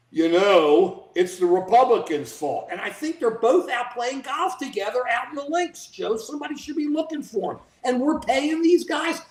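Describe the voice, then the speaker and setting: Indignant political commentator in an echoey room. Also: medium pitch. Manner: indignant, animated, mimics politicians in quoted asides. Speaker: co-host of a political livestream.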